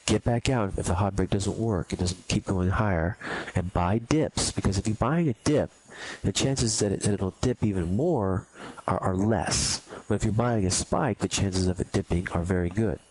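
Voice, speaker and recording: A man's voice: lowish voice, moderate pace, a little mellow, a little hiss or hum. A man teaching a recorded trading lesson, blunt and emphatic, hammering his points home by repeating them. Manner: acts out anxious beginners in mock quotes. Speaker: trading instructor.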